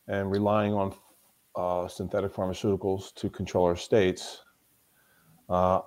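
A man's voice: fairly low pitch, a little mellow. A man speaking as a guest in a conversational podcast interview. He talks as a mental toughness coach, telling stories with emphasis and often repeating himself.

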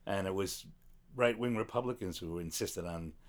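A man with a fairly low voice speaks in an easygoing conversation. He weighs in thoughtfully with his own views and asks follow-up questions. His speech is loose and unscripted, with a few stumbles. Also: moderate pace. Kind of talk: casual chat.

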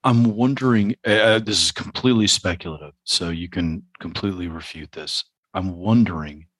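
A man's voice: deep voice, sharp tone, breathy edge, no echo. A man interviewing a guest, musing aloud in long, loose, speculative questions. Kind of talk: casual interview talk.

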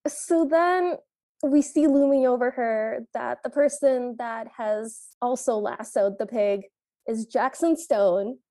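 Mellow higher-voiced woman co-host. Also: takes it slowly, no echo. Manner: easygoing, chiming in with agreement. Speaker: podcast co-host. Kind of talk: casual movie recap chat.

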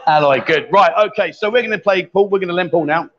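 A man's voice: sits high, fast, muffled recording. A man hosting a live stream from a bar, chatting and bantering casually with a jokey manner. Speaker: livestream host. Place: busy bar with a pool table.

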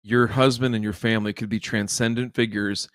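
A man with a lowish voice talks in a casual, chatty way, lively and joking. The sound is dry and close. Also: no room sound. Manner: enthusiastic, chatty, quick to joke. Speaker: podcast host. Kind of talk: casual chat.

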